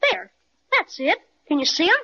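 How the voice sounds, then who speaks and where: A woman voicing an eager, excitable young boy in a 1930s radio drama, full of exclamations and old-fashioned slang. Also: extremely high pitch, normal speed, exaggerated voice. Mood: excited. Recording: dull old radio transcription.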